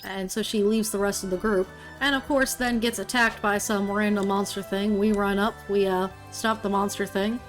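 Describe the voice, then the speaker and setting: Woman gaming streamer, chatty recap, lots of ums, mid pitch, faint music behind. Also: steady tone, moderate pace, few pauses. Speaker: game streamer. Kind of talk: casual let's-play commentary.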